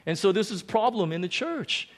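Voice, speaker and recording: A pastor telling a story from his own ministry during a sermon, animated and self-deprecating, often restarting his sentences. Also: high voice, a little fast.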